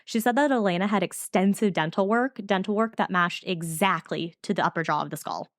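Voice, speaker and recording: A woman's voice: mid-range voice, no echo, studio quality. A woman co-hosting a podcast, telling a true-crime case in chatty, casual storytelling. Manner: fast, chatty storytelling from notes. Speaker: podcast co-host.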